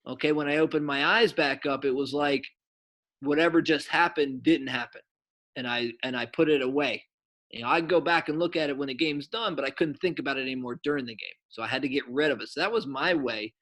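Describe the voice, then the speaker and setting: A middle-aged man, a soccer coach and former goalkeeper, telling stories to kids in a rambling, animated way with lots of fillers. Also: medium pitch. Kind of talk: casual storytelling to kids.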